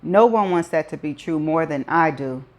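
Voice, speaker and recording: A woman voicing a grieving woman who speaks softly and tenderly, reading from a storybook. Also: low voice, lively intonation, moderate pace. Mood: sorrowful. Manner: soft, pleading.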